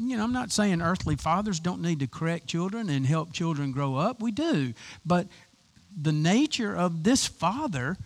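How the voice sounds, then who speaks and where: Animated, lively-pitched male preacher. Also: husky. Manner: animated, conversational preaching with repeated restarts. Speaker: pastor. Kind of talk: sermon.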